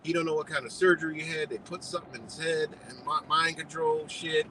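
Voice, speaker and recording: A man hosting a live stream, telling a story in a loose, profane, animated way and laughing often. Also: fairly high pitch, fairly quick, slight background noise, low-quality recording. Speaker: livestream host.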